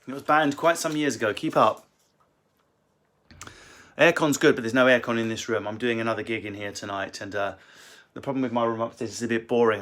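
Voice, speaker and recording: A male comedian answers viewer questions in a casual live session from a library room at home. His banter is quick, cheeky and crude. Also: medium pitch, fairly bright tone.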